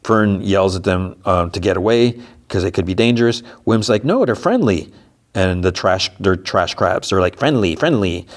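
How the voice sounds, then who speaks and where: A man with a low voice hosts a podcast and walks through an episode's plot. He talks casually, leaning on fillers as he goes. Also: fairly even intonation, moderate pace, few pauses. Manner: casual, filler-heavy storytelling. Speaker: podcast host.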